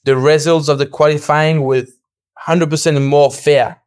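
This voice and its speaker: A young man, a podcast guest, telling a story in casual chat with plenty of energy. He acts out quoted dialogue, laughs often and swears a little. His voice comes across smooth and resonant over a dry, close mic. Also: fairly high pitch, flat delivery, a little slow, a little mellow, no echo.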